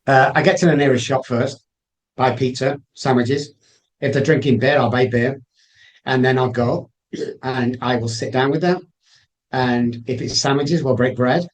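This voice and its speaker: A man's voice: medium pitch, fairly even intonation, a little slow. A man guesting on a podcast, telling personal stories earnestly and acting out past conversations. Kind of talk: emotional personal storytelling.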